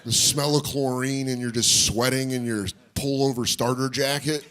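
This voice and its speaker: A man hosting a podcast, telling comedic stories in casual chat and jumping into loud impressions of other people. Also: medium pitch, steady tone, normal speed, a little hiss or hum. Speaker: podcast host.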